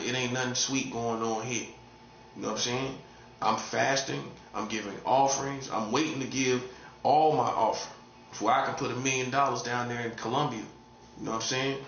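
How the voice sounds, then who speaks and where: A man's voice: mid-range voice, a bit bright, reverberant, dull audio, a little hiss or hum. A man preaching in a casual, street-talking way, repeating himself and laughing at his own jokes. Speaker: prophet. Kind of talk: informal preaching monologue.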